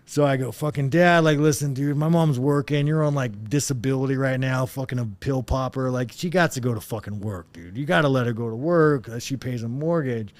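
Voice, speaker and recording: A man's voice: mid-range voice, fairly quick, hardly any pauses, no room sound. A man in his thirties telling stories in casual, rambling, heavily profane talk as a podcast guest. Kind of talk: casual chat.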